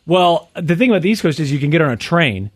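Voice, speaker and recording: A man hosting a talk show, chatting casually in a rambling, excitable way. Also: on the high side. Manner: excitable, rambling, quick to interrupt. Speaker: radio show host. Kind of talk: casual studio chat.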